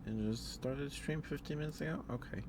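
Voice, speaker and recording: A man streamer ending his stream, talking softly and rambling with fillers, his throat dry and his voice wearing out. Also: mid-range voice, brisk, noisy background. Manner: soft-spoken, rambling with fillers. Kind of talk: end-of-stream chat. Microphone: headphones and desk mic.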